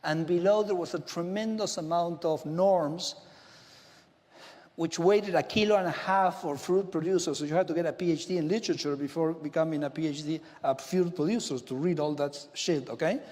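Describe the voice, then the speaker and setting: Brief: male minister, Argentine Spanish accent in English, high pitched, lively anecdotal speech, reverberant hall. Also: normal speed. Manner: animated storytelling, frequent "okay?" asides. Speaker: government minister giving a speech. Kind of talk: speech to a business audience. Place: large conference hall.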